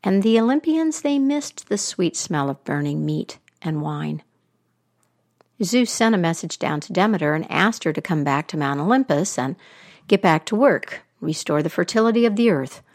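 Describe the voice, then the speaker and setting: A woman storyteller retelling a myth aloud with an expressive, animated delivery. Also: fairly low pitch, normal speed.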